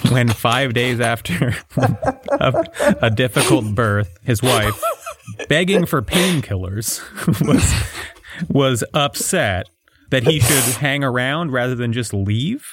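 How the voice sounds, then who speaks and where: A man's voice: mid-range voice, expressive, takes it slowly, a bit bright. A man co-hosting a podcast, reading a book passage aloud and then mocking it with sarcastic jokes and frequent laughter. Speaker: podcast co-host.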